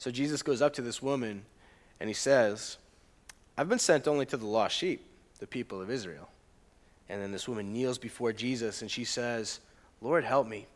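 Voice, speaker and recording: A young man preaching a conversational sermon, often asking the congregation questions and reading scripture aloud with feeling. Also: fairly high pitch. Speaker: pastor.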